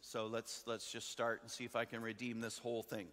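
A male pastor preaches to his congregation in a relaxed, conversational storytelling manner, often putting questions to his listeners. His voice is bright and forceful at a middle pitch. The recording carries a long reverb from a large church sanctuary. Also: a little fast. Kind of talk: sermon.

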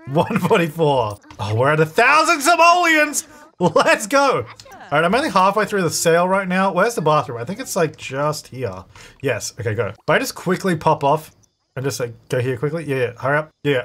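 A man giving casual, chatty gameplay commentary, excitable and talking back to the characters on screen. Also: a little high. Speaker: gaming channel host.

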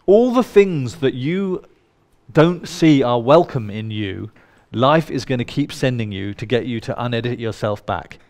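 A man's voice: medium pitch, expressive, unhurried, a little mellow. A man leading a live workshop in a room full of people, speaking in a playful, irreverent way and swearing now and then. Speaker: workshop leader. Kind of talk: live workshop talk to an audience.

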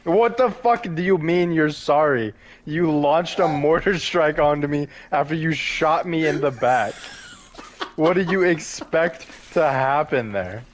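A man's voice: a little high, measured pace. A young man gaming with friends, swearing and complaining indignantly. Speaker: gamer. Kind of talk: casual gaming chat.

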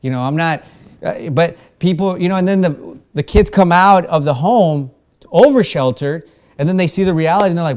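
A man's voice: high-pitched, brisk, a little mellow. A man preaching to a church congregation in a conversational way, with frequent fillers and restarts. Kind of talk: informal sermon.

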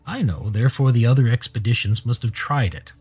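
A man's voice: mid-range voice, a little fast, a little mellow, slightly rough, faint music behind. Man doing Pid, a stern alien leader. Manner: stern, warning. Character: stern cautious male alien expedition leader.

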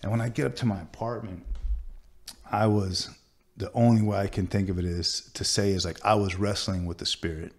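A man, a tattoo artist, earnestly recounting a personal story in a sit-down interview, halting and restarting with many fillers. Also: on the low side, fairly even intonation.

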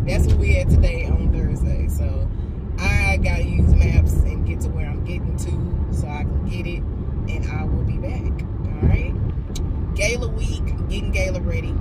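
A woman chatting casually to viewers in her vlog, cursing and laughing as she goes. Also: lowish voice. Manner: profane, laughing, talks to viewers as y'all. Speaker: vlogger. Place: car and on the go. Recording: loud car and road noise. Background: vehicle noise.

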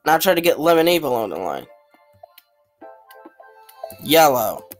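A man's voice: fairly high pitch, very animated, a little slow, soft background music. A man with the hiccups casually commenting as he tries out web experiments, reading on-screen text aloud and apologizing now and then. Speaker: YouTuber trying web experiments.

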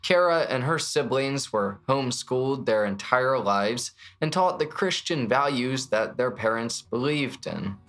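A man's voice: medium pitch, expressive, unhurried, few pauses, fairly bright tone. A man hosting a true crime channel, narrating a scripted case in a casual, jokey storytelling manner.

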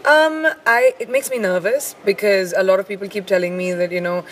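A woman from India, a guest actor in her thirties, chatting in a casual radio interview, animated and quick to laugh. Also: medium pitch. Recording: radio studio with faint noise.

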